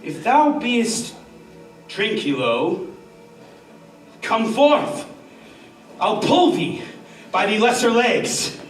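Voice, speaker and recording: A man's voice: high voice, sing-song, very slow, pauses often, faint music behind, heavily acted. A man playing a swaggering, tipsy butler on stage, boisterous and blustering, recorded from a distance in an echoey hall. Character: drunken swaggering male butler, adult. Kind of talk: live stage acting.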